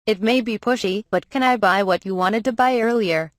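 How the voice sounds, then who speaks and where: A woman reading the lines of a stern twelve-year-old boy apothecary in an audiobook, in a calm, even voice. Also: mid-range voice, moderate pace, no echo, clean studio sound, natural voice. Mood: calm, firm.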